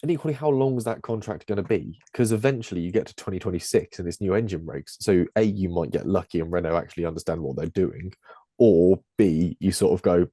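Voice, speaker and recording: A man's voice: low voice, fast talker, mellow, dry recording. A man hosting a casual motorsport podcast, reading news items with jokey asides. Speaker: podcast host.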